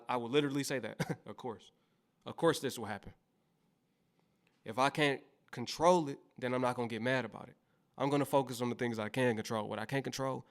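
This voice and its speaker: A man hosting reaction commentary, giving motivational, faith-minded advice in a preachy manner. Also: mid-range voice. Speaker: host reacting to clips.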